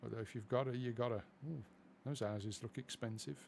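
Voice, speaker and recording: A man's voice: medium pitch, fairly even intonation, fairly quick, vocal fry, a little mellow, a little hiss or hum. A man from England chatting casually through a flight simulator live stream, self-deprecating and easily distracted.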